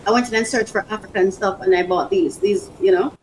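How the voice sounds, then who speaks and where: A woman's voice: medium pitch, fairly quick, darkish tone, slight background noise, low-quality recording. A woman hosting a casual unboxing vlog, rambling, emotional and repeating herself. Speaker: podcast host.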